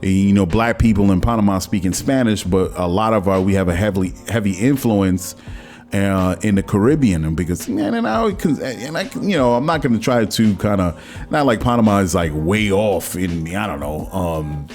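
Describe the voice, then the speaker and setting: A man's voice: low-pitched, expressive, moderate pace, darkish tone, faint music behind. A man hosting his own podcast, talking casually and rambling, with many fillers and restarts. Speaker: podcast host. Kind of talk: casual solo talk.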